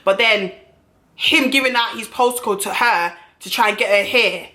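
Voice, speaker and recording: Brash bright-voiced woman. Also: medium pitch, moderate pace. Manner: brash, profane and animated. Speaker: vlogger. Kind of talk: storytime vlog.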